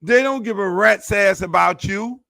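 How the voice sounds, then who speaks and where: A man's voice: high-pitched, unhurried, creaky, pushed and bright, no room sound, clean studio sound. A man who is a show host and football coach, venting in a heated, profane, repetitive rant. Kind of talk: casual ranting monologue.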